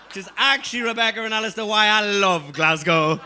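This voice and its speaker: A young Geordie man doing stand-up on a club stage, punchy, shouting his punchlines and talking straight to the crowd. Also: high voice, brisk, few pauses, smooth. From England. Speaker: stand-up comedian. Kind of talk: stand-up comedy set.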